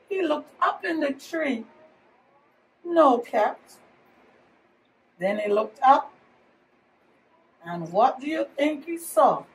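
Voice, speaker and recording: Preschool teacher reading aloud, unhurried and expressive, high-voiced woman heard from across the room. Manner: slow, expressive storytelling with acted shouts. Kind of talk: reading a picture book aloud. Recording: distant mic, faint room noise.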